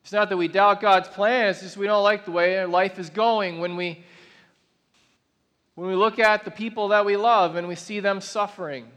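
A man preaching a sermon to a large congregation, earnest, slowing down to stress key lines. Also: high-pitched, fairly even intonation, fairly bright tone. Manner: earnest, builds to emphatic slow declarations. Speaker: pastor. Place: large church auditorium. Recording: long reverb of a large hall.

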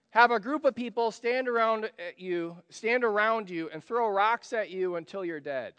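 A man preaching a sermon in a conversational way, asking rhetorical questions and swinging between loud emphasis and quiet asides. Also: sits high, clean tone, long reverb tail. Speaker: pastor.

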